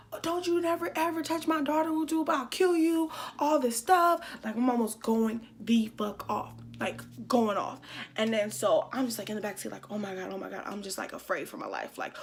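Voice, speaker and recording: A young adult woman telling a casual story time to her viewers, chatty and profane, with lots of fillers. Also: on the high side. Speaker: YouTuber.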